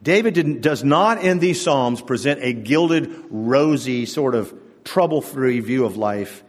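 A man's voice: medium pitch, animated, unhurried. Male pastor preaching in a reverberant hall. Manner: conversational storytelling with humor. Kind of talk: sermon. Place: church sanctuary with congregation. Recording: echoey church hall.

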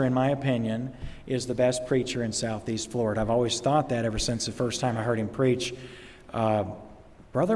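Chatty pastor in a reverberant church. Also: male voice, medium pitch. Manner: chatty, halting, many fillers. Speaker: visiting pastor. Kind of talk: informal talk from the pulpit. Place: church sanctuary. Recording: long reverb in a church hall.

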